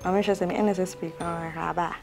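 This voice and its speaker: A woman's voice: lowish voice, steady tone, quick pace, a little mellow, soft background music, close to an everyday voice. A young woman with a Ghanaian accent playing a chatty young woman in a comic web series monologue, gossiping in a mix of English and pidgin.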